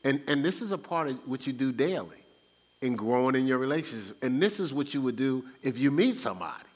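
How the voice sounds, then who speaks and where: A man giving conversational Bible teaching, animated and acting out everyday talk. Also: mid-range voice, fairly quick, long reverb tail. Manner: animated, acts out everyday speech. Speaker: Christian teacher. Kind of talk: conversational preaching.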